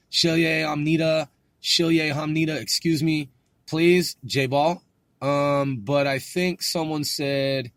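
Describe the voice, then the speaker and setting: A man's voice: mid-range voice, no echo. A man hosting a casual solo study podcast, rambling and doubting himself as he sounds out words, swearing now and then. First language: English. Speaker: podcast host learning Korean.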